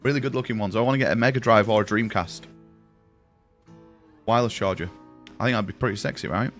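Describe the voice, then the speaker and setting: A man's voice: fairly low pitch, fast, a bit bright, soft background music. A young British man chatting casually with his live-stream viewers, swearing freely and calling them mate. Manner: chatty, sweary, addresses chat as boys and mate.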